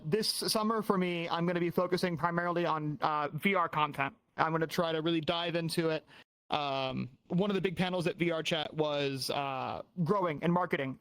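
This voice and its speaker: A man's voice: a little high, a bit bright, dry recording. A man talking as a guest on a casual stream interview, easygoing with many fillers.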